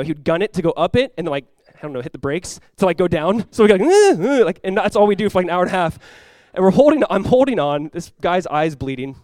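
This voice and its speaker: A man, a pastor telling a lively personal story in a sermon, often laughing as he talks. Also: high-pitched, dry recording.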